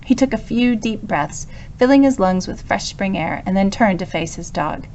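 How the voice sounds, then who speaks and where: A woman narrating a children's story, reading aloud in a calm, even manner. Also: medium pitch, normal speed, slight background noise. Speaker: storybook reader.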